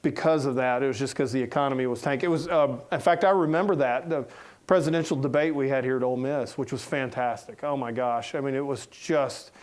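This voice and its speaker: In a lecture room before an audience, a middle-aged cartoonist with a Southern American accent gives a casual talk full of folksy, joking anecdotes. His mid-range voice is fairly quick with a darkish tone.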